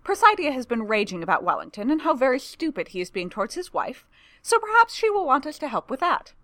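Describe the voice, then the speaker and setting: An eager, chatty young woman, as a reader voices her, pitched high and louder than the narration. The voice swoops in a lively way and sounds dry and close. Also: fast talker, dry recording.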